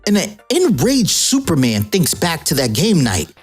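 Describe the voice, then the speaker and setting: A woman recaps a comic event playfully and casually. Her voice is low and husky. Her pitch swings widely, and faint music plays underneath. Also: wildly swooping pitch, a little slow, a little mellow. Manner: playful, jokey. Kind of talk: animated casual storytelling.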